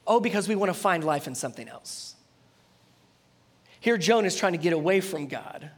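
A man preaching a sermon and reading scripture aloud, animated, swinging between loud emphasis and quiet, earnest intensity. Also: sits high, moderate pace.

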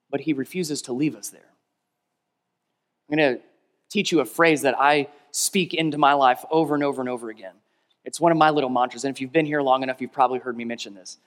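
A male pastor delivering a sermon, leading a call-and-response and swinging between emphatic peaks and quiet, low stretches. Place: large church hall. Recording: long reverb of a large hall.

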